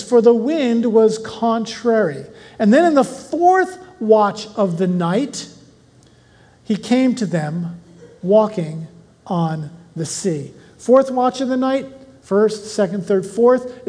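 A Bible teacher who reads scripture slowly, then explains it in a chatty way and asks the listeners questions. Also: mid-range voice, dark tone. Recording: long hall reverb.

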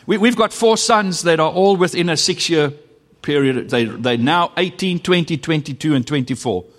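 A middle-aged man with a South African accent preaching a sermon as pastor, with dramatic pauses and sudden shifts between loud and hushed delivery. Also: fairly high pitch. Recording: long reverb of a hall.

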